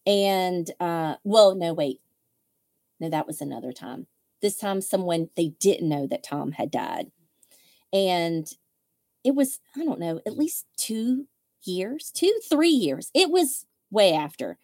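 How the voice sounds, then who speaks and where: Wry, lively-voiced woman podcast host. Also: fairly low pitch, slow pace, dry recording, studio quality. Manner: candid, wry storytelling with quoted voices. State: widow. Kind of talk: casual chat.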